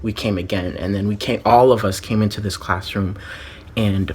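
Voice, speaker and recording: A man's voice: on the low side, steady tone, normal speed, slight background noise. Rambling young man telling a story. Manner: rambling, heavy "like" fillers, frequent restarts. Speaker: vlogger.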